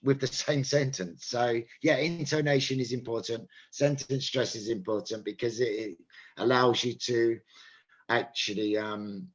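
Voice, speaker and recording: A man's voice: medium pitch, steady tone, a little slow, muffled recording. A man with an English accent teaching an English lesson, patiently explaining and demonstrating how sentence stress changes.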